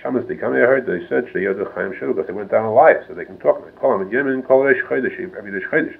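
A man teaches from a traditional text, reading each phrase and then explaining it. His mid-range voice has a gravelly, creaky edge. The recording is thin and boxy, like a phone line. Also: medium pitch, quick pace. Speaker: religious teacher. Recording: narrow phone-like lo-fi sound.

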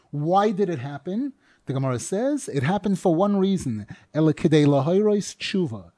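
A man teaching a Torah class. He reads each phrase of the text in a chanting tone, then explains it with animated rhetorical questions. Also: high voice.

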